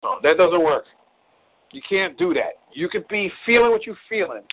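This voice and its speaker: A man's voice: sits high, very animated, moderate pace. A man giving blunt relationship advice on a call-in show, preachy and repeating words for emphasis. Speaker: relationship coach. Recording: tinny phone-line sound.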